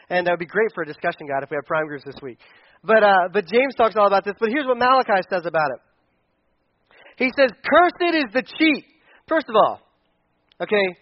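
A man with a high voice delivers a sermon as a pastor, talking casually and with energy. He acts out prayers and excuses in quick little voices. The sound is dry and a bit dull. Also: dry recording. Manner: energetic, conversational preaching with acted-out quotes.

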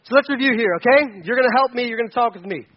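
High-voiced, lively male Bible teacher. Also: very fast, muffled recording. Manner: energetic, prompting listeners to fill in answers. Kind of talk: interactive Bible lesson.

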